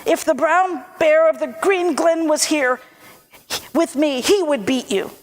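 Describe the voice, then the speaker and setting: A woman's voice: high voice, unhurried, in a large hall, voice pushed up. A woman voicing a hesitant, polite young prince in a told folk tale.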